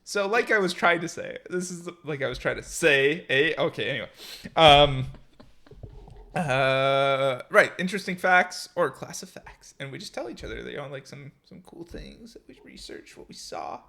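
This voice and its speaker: A woman's voice: deep voice, animated, moderate pace, a bit bright. A woman co-hosting a podcast in goofy, rambling casual chat. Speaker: podcast co-host.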